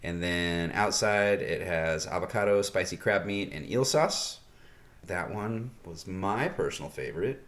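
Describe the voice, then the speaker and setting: A man with a fairly low voice chats casually as a podcast co-host. He rambles along with fillers and pauses. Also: lively intonation, a bit bright. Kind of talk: casual chat.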